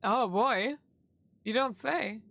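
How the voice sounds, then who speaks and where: A woman's voice: on the high side, takes it slowly, creaky, a bit bright, dry recording. A woman streaming a game, chatting casually with her viewers and laughing often. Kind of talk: casual gameplay chat.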